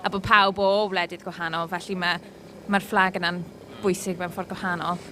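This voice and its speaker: Woman, bright tense voice, measured and reflective. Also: fairly low pitch, flat delivery, a little hiss or hum. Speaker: audience member.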